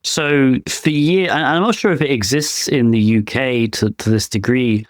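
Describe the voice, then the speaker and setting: A man co-hosts a casual podcast and talks through his opinions as they come to him. His voice sits at an ordinary pitch and sounds dry and close to the mic. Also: moderate pace, no room sound. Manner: opinionated, thinking aloud. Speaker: podcast co-host; penetration tester. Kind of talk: casual chat.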